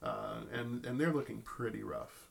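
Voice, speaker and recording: A man's voice: medium pitch, moderate pace, vocal fry, slightly rough. A man narrating as game master of a tabletop role-playing game, telling the story with many fillers and restarts.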